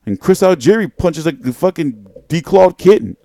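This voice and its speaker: A man's voice: fairly high pitch, animated, normal speed, creaky, mellow, no echo, clean studio sound. A man hosting a live boxing talk stream, speaking in a blunt, profane and rambling street manner. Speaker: boxing channel host. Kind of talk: casual live boxing commentary.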